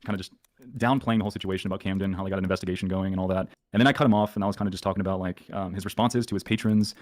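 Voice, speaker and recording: Rapid, rambling man telling a story. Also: low-pitched, fairly even intonation, a little mellow, dry recording. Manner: rambling, fillers, quotes himself. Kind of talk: casual storytelling in a played clip.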